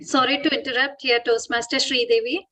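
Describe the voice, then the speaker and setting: A woman politely cutting in during an online club meeting, apologetic and halting. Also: high-pitched, fairly even intonation, bright, forceful tone, poor audio. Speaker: club member. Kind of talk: casual meeting talk. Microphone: video call.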